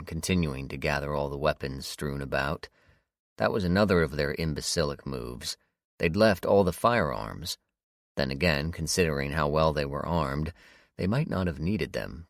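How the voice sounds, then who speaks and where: A man narrating an audiobook in a steady, measured storytelling voice. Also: deep voice, no echo, clean studio sound. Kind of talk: scripted narration.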